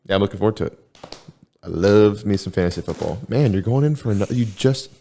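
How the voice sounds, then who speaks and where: A young man co-hosting a podcast, chatting casually with a relaxed, rambling, deadpan manner. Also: lowish voice, fast. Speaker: podcast co-host. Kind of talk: casual chat.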